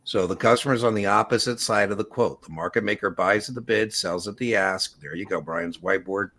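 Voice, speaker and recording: A man with a fairly low voice leads an exam prep class. He explains things casually and leans on everyday analogies to make his points. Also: a little fast, fairly bright tone. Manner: casual explanatory, uses analogies and acted quotes.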